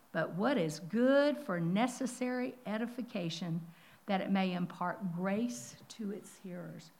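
An older woman teaching a Bible lesson, animated and storytelling, dropping to whispers and rising to exclamations. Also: mid-range voice, a little slow. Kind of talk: sermon.

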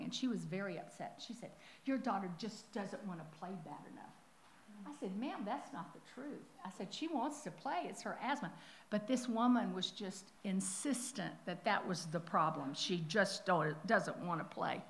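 An older woman preaching a sermon, telling stories with lively acted-out quotes. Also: a little high, slight background noise. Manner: animated storytelling with acted-out quotes.

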